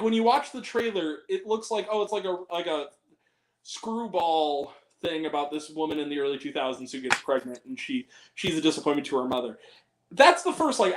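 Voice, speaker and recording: A man hosting a live Q&A, chatting about movies in an animated, rambling way and swearing freely. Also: high voice, slight background noise. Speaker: host. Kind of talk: casual movie chat.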